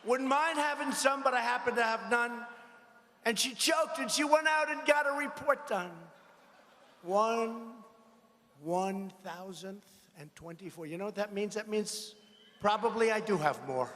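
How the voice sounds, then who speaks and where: Older male politician at a podium mic: mocking, rambling, high-pitched, big reverberant arena. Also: unhurried, sharp tone. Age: 70s. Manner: combative, mocking, rambling asides. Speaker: politician addressing a rally. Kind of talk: rally speech. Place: large arena. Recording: echoey arena with long reverb.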